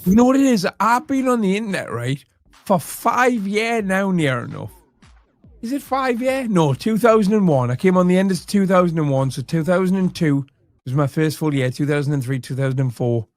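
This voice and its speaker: A man with a slightly raised pitch talks through a comedy reaction video in wry, chatty asides. His voice sounds dry and close, with no room around it. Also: expressive, normal speed, no echo, soft background music. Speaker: commentary host.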